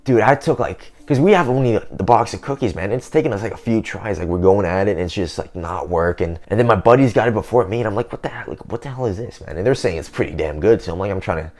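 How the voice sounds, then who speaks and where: Low-voiced young man rambling in slang. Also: fast talker, hardly any pauses, darkish tone. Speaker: self-improvement vlogger. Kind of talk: casual vlog monologue.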